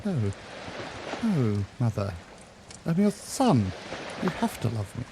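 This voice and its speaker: A man's voice: big pitch swings, slow pace. A desperate young nobleman, played by a man in a tabletop horror game. His pleading voice swings widely up and down. Background hiss sits under the recording. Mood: broken. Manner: pleading, high-strung.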